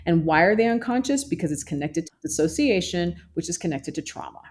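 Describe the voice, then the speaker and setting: A woman's voice: on the low side, expressive, a little fast, a little mellow. A woman therapist talking emphatically in a podcast interview, often mimicking other people's voices. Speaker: therapist and social worker guest.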